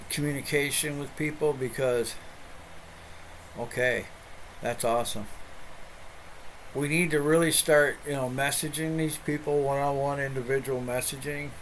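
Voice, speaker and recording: A man's voice: medium pitch, a little hiss or hum, rough recording. A middle-aged man, a pastor hosting an online show, telling a rambling story in casual chat with many restarts.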